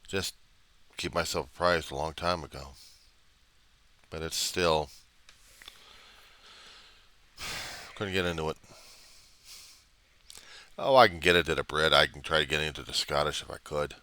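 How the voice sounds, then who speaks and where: A man's voice: extremely low pitch, steady tone, normal speed, pauses often, bright, forceful tone. A man from the United States, rambling and trailing off in a personal video diary, with mild cursing. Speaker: video diarist.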